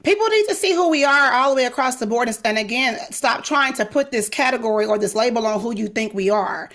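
Emphatic, outspoken woman, high-pitched. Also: brisk. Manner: emphatic, outspoken, animated with quoted asides. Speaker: podcast host, guest. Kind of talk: candid interview talk.

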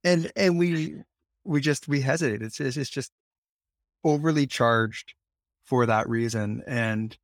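Male podcast guest, author, earnest explainer, repeats phrases, middle pitch. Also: unhurried, no room sound, clean studio sound. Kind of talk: conversational podcast interview.

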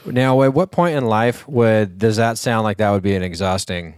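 A man's voice: on the low side, normal speed, clean tone, no room sound, studio quality. A man hosting a podcast in a laid-back, rambling way, full of "like" and "you know". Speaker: podcast host. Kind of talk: casual conversational interview.

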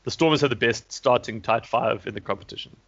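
A man's voice: medium pitch, fast, fairly bright tone. Brief: male host, casual rambling chat, hesitant restarts, dull lo-fi audio. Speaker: podcast host previewing rugby. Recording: dull lo-fi recording.

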